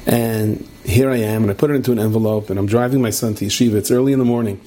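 A middle-aged man teaches a Torah class. He turns his points into animated stories and calls on listeners by name. His voice is warm and slightly husky. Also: lowish voice, racing. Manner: animated storyteller, asks listeners questions.

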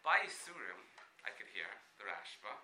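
Male Torah teacher, very bright tone, animated Talmud lecture, echoey room. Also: on the low side, normal speed, slight background noise. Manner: animated, questioning, frequent restarts. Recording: echoey room with faint ambience.

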